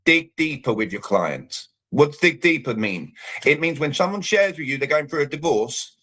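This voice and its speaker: British male coach, fairly high voice, emphatic, punchy delivery on a video call. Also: animated, normal speed, sharp tone. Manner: emphatic, repeats "all right" between points. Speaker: communication coach, guest. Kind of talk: coaching talk on a live show.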